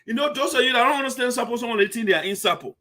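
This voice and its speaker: Rapid-fire and high-pitched, this Liberian English speaker hosts a diaspora community show. His chatty commentary bursts with animation, laughter, and indignant side remarks.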